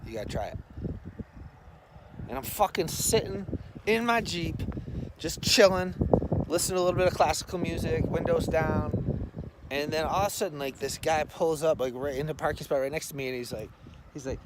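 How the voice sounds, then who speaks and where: A middle-aged man casually telling a story, animated and acting out other people's lines. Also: a little high, normal speed, pauses often, heavy background noise.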